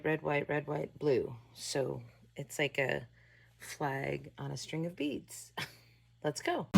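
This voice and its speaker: A woman's voice: low voice, creaky. A woman hosting a casual crafting vlog from her home craft table, chatty and rambling. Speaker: craft channel host.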